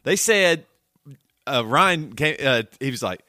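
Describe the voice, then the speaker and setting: A man's voice: medium pitch, animated, slow pace, pushed and bright, no echo, clean studio sound. A man co-hosting a podcast, telling tour stories in a loose, rambling casual chat with many restarts. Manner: rambling storyteller, restarts often. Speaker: podcast co-host.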